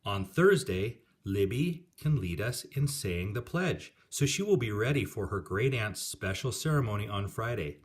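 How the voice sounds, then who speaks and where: A man's voice: fairly low pitch, lively intonation, a little slow, few pauses. A man reading aloud as a kind female schoolteacher explaining things patiently to her class. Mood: encouraging.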